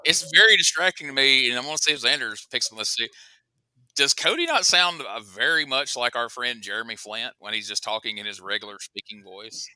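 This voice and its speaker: Southern male podcast host, very bright, smooth voice, rambly chat, dry sound. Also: medium pitch, expressive, brisk, no echo, rough recording. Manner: chatty, rambling with many fillers and restarts.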